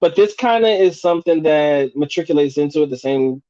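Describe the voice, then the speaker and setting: A man's voice: a little high, expressive, brisk, dark tone, highs cut off. A man hosting a live stream, chatting casually and profanely, restarting and rephrasing as he goes. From United States.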